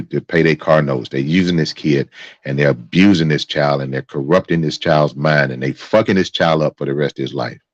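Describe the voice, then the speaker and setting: A man with an extremely low, deep voice delivers heated commentary as host of his own stream, cursing and circling back over his words. The sound is dry and a little dull, like a close, lo-fi mic. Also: dry recording. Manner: angry, profane, repeats himself.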